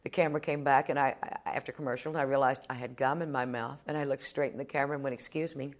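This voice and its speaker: Racing through her casual interview answers, this veteran TV journalist, a fiftysomething Texan, speaks in a deep, low voice. Her wry, plainspoken storytelling stays lively as each point becomes a little anecdote.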